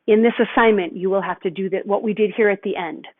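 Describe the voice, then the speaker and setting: A woman's voice: mid-range voice, fast talker. A woman teacher walking through a math lesson step by step, patient and thinking aloud. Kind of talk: recorded lesson walkthrough. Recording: tinny phone-like audio.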